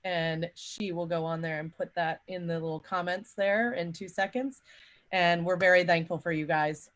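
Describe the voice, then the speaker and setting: A woman's voice: fairly low pitch, fairly even intonation, normal speed. A woman co-hosting a podcast, thanking guests in casual chat with frequent ums. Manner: warm thanks, many ums. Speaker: podcast co-host.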